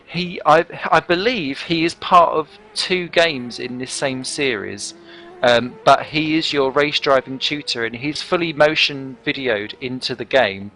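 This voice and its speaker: A man's voice: mid-range voice, a little slow, bright, forceful tone. A man commentating a live sim race broadcast and playfully running a trivia quiz for his co-hosts. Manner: playful, teasing quizmaster.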